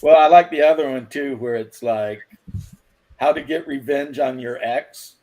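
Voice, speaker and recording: A man's voice: mid-range voice, unhurried, darkish tone. A man in casual chat, rambling and telling crude jokes, laughing at his own stories.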